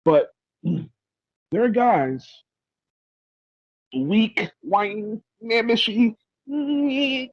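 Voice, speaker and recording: A man hosting a podcast, chatting casually in a rambling, halting way with many restarts. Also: sits high, dry recording, highs cut off. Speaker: podcast host. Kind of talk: casual opinionated chat.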